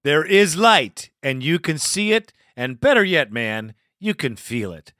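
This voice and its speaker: A man's voice: mid-range voice, very animated, a little slow, bright, forceful tone, slight background noise. A man hosting a fan call-in show, talking in loose, profane, hyped-up banter. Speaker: podcast host.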